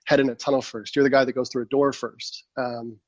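A man's voice: medium pitch, fairly quick, dry recording, lo-fi sound. Man telling war stories, close and dry. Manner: animated, acts out his past self. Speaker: guest. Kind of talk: casual storytelling.

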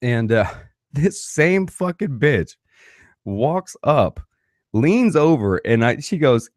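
A man telling a personal story in a casual, animated way, swearing freely. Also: medium pitch, takes it slowly, no room sound, studio quality.

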